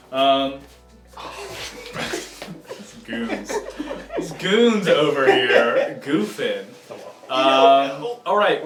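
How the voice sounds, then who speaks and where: A man hosting a live improv comedy stream, playful and quick to laugh as he sets up games. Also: medium pitch, far from the mic. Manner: playful, laughing, loose game host. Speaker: host. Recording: roomy sound from away from the mic.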